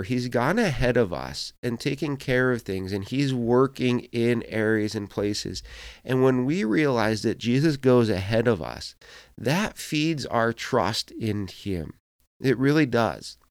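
Man preaching, smooth dry voice. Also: mid-range voice, no echo. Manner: storytelling with quoted voices, emotional pauses. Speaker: pastor. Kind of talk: sermon.

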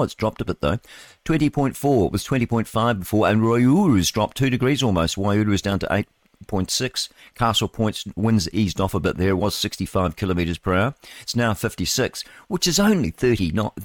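A New Zealand man hosting morning radio in a casual, rambling way, his voice sitting a little low. He breaks off mid-sentence, circles back and chuckles at his own asides, with the studio mic sounding close and dry. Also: no echo. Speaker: radio host.

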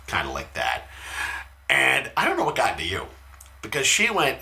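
A man in his thirties casually telling funny stories in a podcast chat, swearing freely and shouting out the lines of the people he quotes. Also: mid-range voice, wildly swooping pitch, moderate pace, creaky, pauses often. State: talking quietly at times because his wife sleeps.

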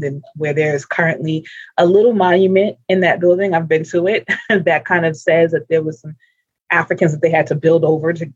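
An earnest panel speaker with a husky, breathy voice, thinking aloud and circling back to restart sentences. The recording is dry, close, and a bit muffled and lo-fi. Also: mid-range voice, dry recording. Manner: earnest, searching for words, frequent restarts. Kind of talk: unscripted panel discussion. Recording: dull lo-fi recording.

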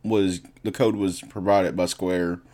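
A man with a fairly low voice talks about reviewing games on a casual podcast. He rambles and halts, trips over his words, and leans on "like" to fill the gaps. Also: fairly even intonation, darkish tone. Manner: halting, rambling with many "like" fillers. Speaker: podcast co-host, game reviewer. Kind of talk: casual gaming podcast chat.

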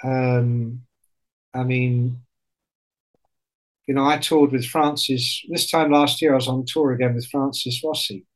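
A man in casual chat on a podcast, telling stories in an animated way and swearing often. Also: medium pitch, low-quality recording.

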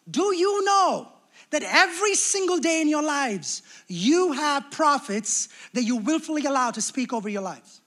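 Young guy pastor, really high voice, lively casual sermon w/ little acted-out bits. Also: normal speed. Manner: lively, conversational preaching with acted-out quotes.

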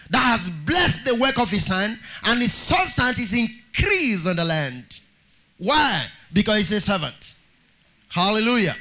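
A man's voice: very high voice, sharp tone. A man preaching a sermon as pastor, reading scripture aloud in a sing-song cadence and calling on the congregation for amens.

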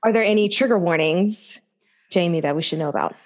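Brief: woman co-host, slightly low pitch, chatty, laughs easily. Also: brisk. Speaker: podcast co-host. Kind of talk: casual chat.

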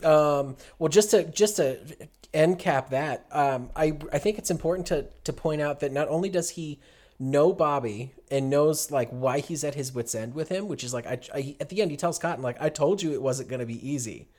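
A man's voice: fairly high pitch, moderate pace, a little mellow. A man co-hosting a casual podcast chat about a cartoon, talking with gushing enthusiasm. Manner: gushing, enthusiastic, many restarts. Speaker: podcast co-host.

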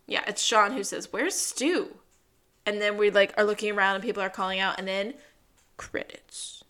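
A woman co-hosting a casual podcast recap of a TV episode, acting out the characters' lines in quick animated bursts. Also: mid-range voice. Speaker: podcast co-host.

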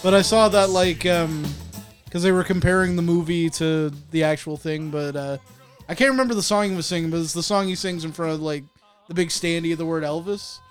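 A man's voice: fairly high pitch, fairly quick, faint music behind. A man co-hosting a podcast in casual chat, rambling with lots of fillers. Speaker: podcast co-host.

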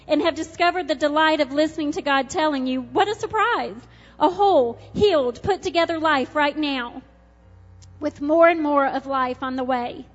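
A woman preaching a sermon with passion, moving between loud urgent pleading and quiet intimate moments. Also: sits high, normal speed. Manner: impassioned, swings from loud urgency to hushed intimacy. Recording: dull reverberant hall with soft music.

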